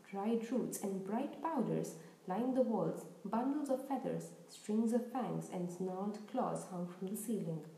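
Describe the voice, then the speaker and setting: A woman's voice: mid-range voice, warm tone. Woman reading a storybook, echoey room. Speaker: audiobook reader. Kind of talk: scripted storybook narration.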